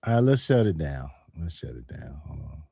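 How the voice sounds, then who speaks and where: Animated man hosting a live stream. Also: a bass voice, normal speed, gravelly, breathy edge, dry recording, clean studio sound. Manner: animated, chatty, counts out poll votes. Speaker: livestream host. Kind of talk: casual live-stream chat.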